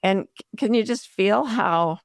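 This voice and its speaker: An older woman speaks as a guest on a podcast, her mid-pitched voice carrying a gravelly edge. She explains ideas calmly and gently, as if soothing a listener. The sound is close and dry. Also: a little slow, dry recording. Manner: warm, gentle explanations with soft spoken self-talk asides. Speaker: guest, life coach and author. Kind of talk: podcast interview.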